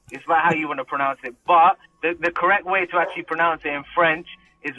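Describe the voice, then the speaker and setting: A man's voice: on the high side, fairly even intonation, brisk, dull audio, faint music behind. A man from the UK, a rapper guest, chatting casually and laughing easily. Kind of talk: casual interview chat.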